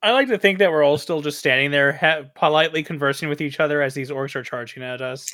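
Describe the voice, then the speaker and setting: A man's voice: on the high side, quick pace, a crowd in the background. A man playing a tabletop game, talking casually with jokey asides and exclamations. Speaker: player.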